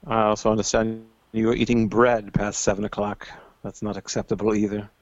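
A man's voice: lowish voice, little pitch movement, fairly quick, dry recording, muffled recording. A man co-hosting a casual podcast, throwing in sarcastic quips about a movie. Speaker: podcast co-host. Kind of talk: casual chat.

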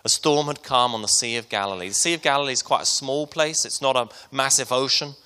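A man preaching a sermon to his congregation, retelling a Bible story and then speaking softly and personally to the listeners. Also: mid-range voice, fairly quick, clear, resonant tone. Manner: storytelling preacher, soft and intimate at the close. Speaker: pastor.

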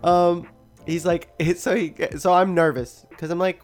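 Soft background music accompanies a young female podcast host with a lowish voice and normal pace. She's animated as she casually relates a story, cursing heavily and often laughing.

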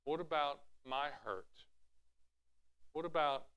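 A man's voice: on the high side, takes it slowly, fairly bright tone, clear, resonant tone. A man preaching a sermon, teaching from scripture with rhetorical questions and acting out Bible scenes in raised voices. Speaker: pastor.

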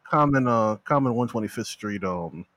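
Lively young man hosting a podcast. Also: lowish voice, normal speed. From United States. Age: young adult. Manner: animated, laughing banter. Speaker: podcast host. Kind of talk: casual chat.

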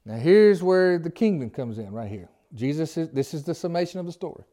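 This Bible teacher reads scripture and follows it with homespun, informal questions for his group. He speaks on the high side, animated and a little fast, with a dark tone.

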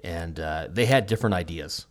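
A man's voice: deep voice, moderate pace. A man from Canada co-hosting a podcast, chatting casually in an easygoing, self-deprecating way. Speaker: podcast co-host. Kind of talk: casual chat.

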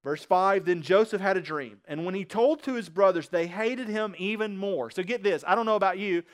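Male preacher, high voice, sermon delivery, asks the room and answers himself. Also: moderate pace. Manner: asks the congregation rhetorical questions.

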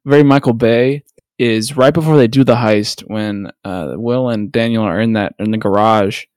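A man co-hosting a podcast, telling stories in relaxed casual chat with many fillers. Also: fairly low pitch, normal speed, clear, resonant tone, no room sound, clean studio sound. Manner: relaxed, storytelling, hesitant fillers. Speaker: podcast co-host.

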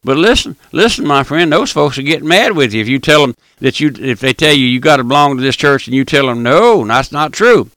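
An older man preaching a folksy broadcast sermon, repeating his points and calling the listener "my friend", with emphatic, drawn-out stressed phrases. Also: medium pitch, a bit bright, no echo. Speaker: radio preacher.

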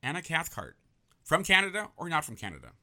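A man's voice: a little high, huge pitch swings, quick pace, pushed and bright. A man hosting a casual celebrity quiz, upbeat and encouraging as he reads names off a list. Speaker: host.

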